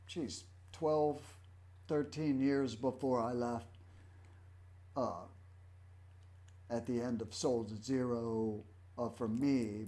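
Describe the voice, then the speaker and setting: A man's voice: mid-range voice, mellow. A man in his fifties hosting a casual livestream, telling rambling stories about his life as a rock drummer. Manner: rambling, anecdotal storytelling.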